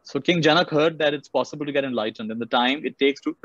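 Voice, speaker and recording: A man with an Indian English accent giving an animated motivational talk, telling stories and acting out characters. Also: medium pitch, quick pace, no echo. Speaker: speaker. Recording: dull muffled audio.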